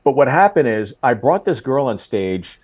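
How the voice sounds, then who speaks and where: A comedian in his forties telling a story in casual chat, getting loud and high when he acts out quotes. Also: big pitch swings, moderate pace. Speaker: comedian guest.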